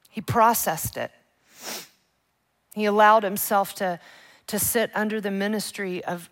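A woman's voice: mid-range voice, fairly even intonation. Earnest woman teaching scripture. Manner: earnest, emphatic, reads scripture aloud slowly and dramatically. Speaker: Bible teacher. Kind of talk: Bible teaching.

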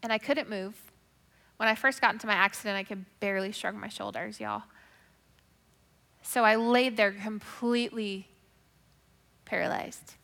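Woman, bright and forceful tone, emotive testimony storyteller, long hall reverb. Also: medium pitch. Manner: emotive storytelling, drops to a hushed whisper then rises loud. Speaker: speaker giving a faith testimony. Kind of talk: personal testimony.

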